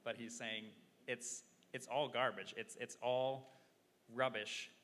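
A man's voice: medium pitch, steady tone, measured pace, a bit bright. A man preaching a sermon in an earnest, explaining way, often repeating words as he thinks. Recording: long hall reverb, faint noise.

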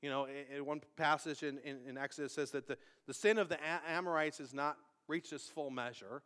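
A man's voice: a little high, steady tone, fairly bright tone. A man preaching a conversational sermon, often restarting his phrases as he explains a passage. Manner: conversational, halting with repeated restarts.

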